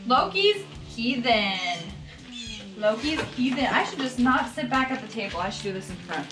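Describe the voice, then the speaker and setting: A woman's voice: fairly high pitch, animated, fast talker, echoey room, over music. A woman co-hosting a podcast in a casual, playful chat, giggling and putting on a jokey announcer voice. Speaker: podcast co-host.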